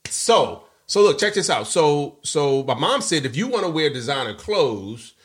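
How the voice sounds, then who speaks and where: A man's voice: on the high side, measured pace. A middle-aged man co-hosting a podcast, telling a personal story in a casual way and acting out the people in it. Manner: animated storyteller, acts out quoted voices. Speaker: podcast co-host.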